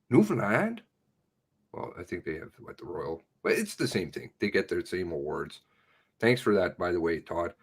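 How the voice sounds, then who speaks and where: A man giving a sarcastic, ranting livestream commentary, mocking the police in put-on voices. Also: fairly low pitch. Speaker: online commentator.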